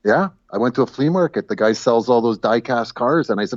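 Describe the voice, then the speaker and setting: A man calling into a talk show, chatting casually in a halting way, repeating words and chuckling at his own jokes. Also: medium pitch, dry recording, muffled recording. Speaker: guest caller. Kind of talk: casual chat. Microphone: video call.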